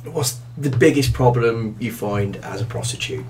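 A man's voice: medium pitch, normal speed, slight background noise, close to an everyday voice. A man voicing a rambling, scatterbrained pimp who claims to read minds, in improvised comic role-play. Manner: rambling, apologetic, laughing. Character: self-styled mind-reading male pimp, scatterbrained.

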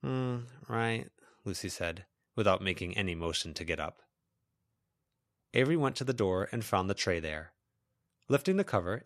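A man narrating a fan-made audiobook in a steady reading voice, lifting his pitch a little for the heroine's inner questions. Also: no echo, clean studio sound.

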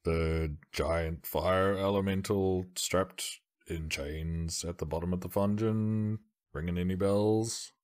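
A deep-voiced man speaks as a player in a tabletop game, playful and joking as he voices his cat character's actions. His pitch sits low, and the talk is casual. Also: steady tone, slow pace, darkish tone. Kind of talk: casual role-play chat.

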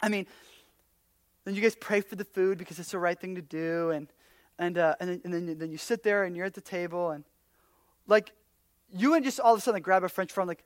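A man preaching a casual sermon, telling stories and acting out little quotes, swinging from loud bursts down to near-whispers. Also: high voice, brisk, pauses often, dry recording. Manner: animated storyteller, acts out quotes, drops to near-whispers. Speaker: pastor.

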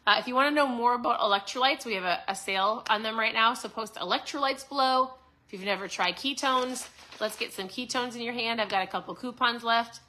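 A woman in her forties hosting a casual motivational talk, upbeat and chatty, often tossing in a quick "right?" to her listeners. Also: a little high, bright, forceful tone. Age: 40s. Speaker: host.

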